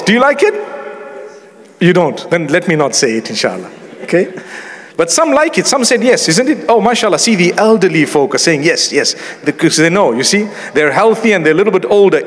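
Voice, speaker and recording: A middle-aged man delivering a sermon, his pitch high and swinging widely as he speaks. He talks in a humorous, conversational way with Arabic phrases mixed in, and a long reverb trails after each word. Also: fairly bright tone. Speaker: Islamic preacher.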